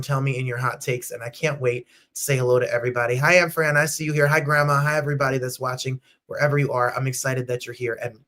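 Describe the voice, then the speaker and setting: Hosting an energetic live-stream chat show, this thirtysomething from New Jersey gushes with bubbly enthusiasm. Every so often he jumps into falsetto squeals or bursts of song.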